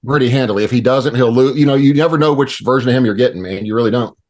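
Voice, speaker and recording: A man co-hosting a podcast who talks in a relaxed, rambling way in casual chat. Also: mid-range voice, rapid-fire. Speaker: podcast co-host.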